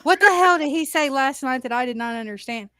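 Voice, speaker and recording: A woman hosting a live talk stream, her voice pitched high and bright with a sharp edge. She swears freely and tells stories with incredulous, laughing disbelief. The sound is close and dry. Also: expressive, a little fast, no room sound. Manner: profane, laughing, incredulous storytelling. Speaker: talk show host. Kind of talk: casual chat. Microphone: livestream studio mic.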